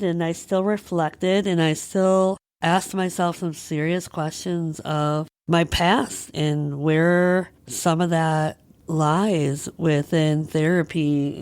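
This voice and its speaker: In a clean studio recording with no echo, a female podcast host speaks in a deep, slightly mellow, clear and resonant voice. She works through a personal experience in a reflective monologue that is candid, emotional and searching.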